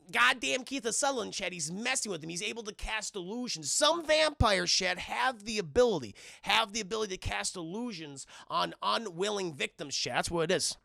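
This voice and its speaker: Excitable, crude young man with a gravelly voice. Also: high-pitched, moderate pace, dry recording, studio quality. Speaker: streamer and film reviewer. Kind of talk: casual, profane film recap to chat.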